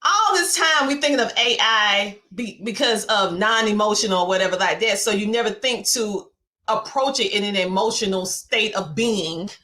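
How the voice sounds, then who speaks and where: A woman with a Southern US accent hosting an interview, talking in an excitable, animated way with lots of laughter. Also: mid-range voice, moderate pace. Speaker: podcast host. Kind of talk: casual interview chat.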